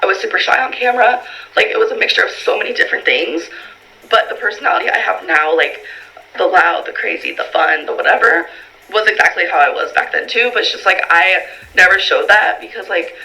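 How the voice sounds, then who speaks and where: Bright, gravelly-voiced woman vlogger rambling. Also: medium pitch, expressive, a little fast, rough recording. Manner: rambling, filler-heavy, reads viewer questions aloud. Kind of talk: casual Q&A vlog.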